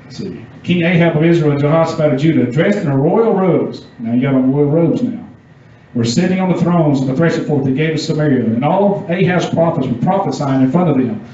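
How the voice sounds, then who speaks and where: A man's voice: on the high side, lively intonation, a little fast, dark tone, a little hiss or hum. Youth preacher, male, conversational, quizzes the room; muffled distant recording in a church hall. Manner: casual, asks the audience questions. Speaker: youth pastor. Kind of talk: youth sermon with scripture reading. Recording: echoey dull room sound from far off.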